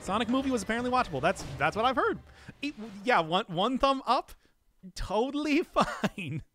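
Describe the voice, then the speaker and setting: A man's voice: extremely high pitch, very animated, normal speed, a bit bright, a little hiss or hum. A man streaming a game and chatting casually, repeating himself and laughing often. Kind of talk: casual live-stream chat while playing.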